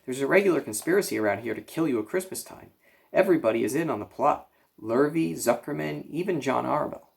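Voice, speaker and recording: Guy doing a blunt grumpy old sheep lady, knows it all, gravelly voice, storybook. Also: mid-range voice, animated, fast.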